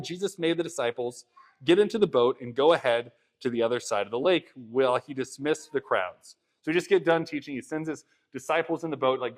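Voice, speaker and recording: A young man preaching a conversational sermon, retelling a story in a casual, animated way with many fillers. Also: medium pitch. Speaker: pastor.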